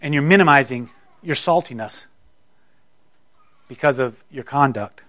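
A man's voice: medium pitch, measured pace, a bit bright, no echo. A middle-aged man from South Carolina preaching a sermon, with conversational storytelling and stammering restarts.

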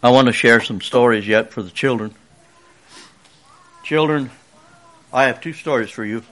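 A man's voice: mid-range voice, normal speed, fairly bright tone. A man closing a church service by telling the children a chatty, folksy story and asking the congregation questions.

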